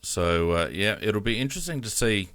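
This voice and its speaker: A man's voice: fairly low pitch, expressive, moderate pace, fairly bright tone, no echo. An Australian man hosting a casual sports podcast, opinionated and hesitant, with many fillers. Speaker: podcast host.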